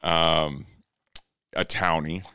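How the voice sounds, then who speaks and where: A man's voice: a bass voice, steady tone, extremely slow, sharp tone, clear, resonant tone, no room sound. A man co-hosting a casual podcast, telling a rambling, profane bar story with plenty of laughs. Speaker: podcast co-host.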